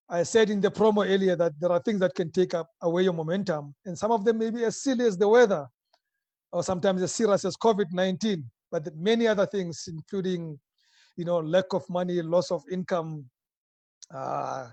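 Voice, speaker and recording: Earnest high-voiced male talk show host. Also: a little mellow, dry recording. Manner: opens with a told joke, earnest and reflective. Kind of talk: live talk show hosting.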